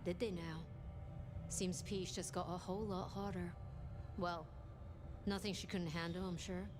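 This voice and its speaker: An actress playing a poised, wary vampire prince who speaks in a measured, dryly courteous way. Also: female voice, lowish voice, fairly even intonation, background noise, close to an everyday voice. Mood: cool. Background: game music.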